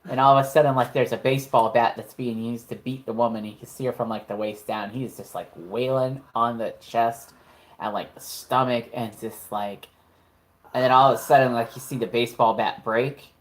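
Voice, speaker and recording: A woman's voice: very deep voice, fairly even intonation, moderate pace. A woman narrating a tabletop horror game as game master, casual and profane, with lots of "like" fillers.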